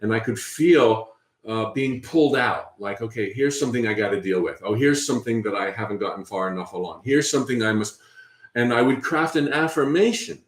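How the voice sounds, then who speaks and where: A man hosting a spiritual workshop, talking in a gentle, encouraging way with frequent fillers and restarts. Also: mid-range voice, a little fast, echoey room. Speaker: workshop host. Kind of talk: guided spiritual workshop talk.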